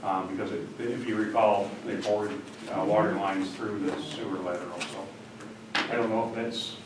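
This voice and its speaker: A man with a low voice gives a halting report at a village board meeting, pausing on many ums and restarts. He sounds far from the mic in a strongly echoing room, with steady background noise. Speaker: village official giving a report.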